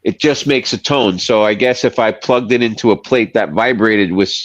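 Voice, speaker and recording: A man's voice: fairly low pitch, normal speed, no room sound, highs cut off. A man chatting casually on a podcast, rambling and laughing as he loses his thread.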